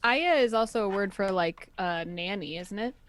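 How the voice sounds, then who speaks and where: A woman's voice: mid-range voice, normal speed, fairly bright tone. A woman describing her tabletop character in casual chat, hesitant and full of fillers. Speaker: player.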